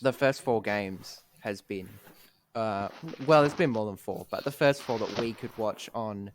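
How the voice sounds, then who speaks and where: A man's voice: lowish voice, a little slow, slight background noise. A young man co-hosting a podcast, talking in a laid-back, self-deprecating way full of ums. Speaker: podcast co-host. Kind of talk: casual chat.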